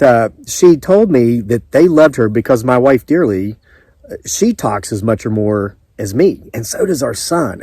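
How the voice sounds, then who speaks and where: This Southern man vlogs about homesteading, telling casual, meandering stories to the camera and often restarting or wandering into asides. His mid-range voice has a dark tone, and the recording is dry.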